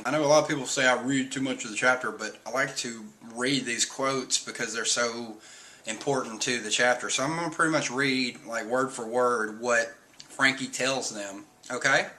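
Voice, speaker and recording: A man talks through a manga chapter in a loose, rambling way, padding his sentences with fillers and reading out character lines along the way. His voice is bright and forceful at a middling pitch. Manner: rambling, filler-heavy, often reads and acts out character lines. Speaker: streamer recapping a manga chapter. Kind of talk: casual recap.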